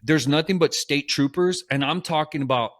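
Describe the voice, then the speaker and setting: A man, co-hosting a podcast from his apartment and telling stories in an animated, casual way with offhand swearing. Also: fairly high pitch, normal speed. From Texas. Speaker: podcast co-host. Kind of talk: casual storytelling chat. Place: apartment at home. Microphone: laptop call setup.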